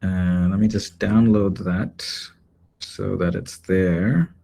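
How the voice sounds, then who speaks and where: A man teaching a live online class, explaining a demo casually with frequent pauses and filler words. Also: sits low, fairly even intonation, vocal fry, mellow. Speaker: workshop instructor.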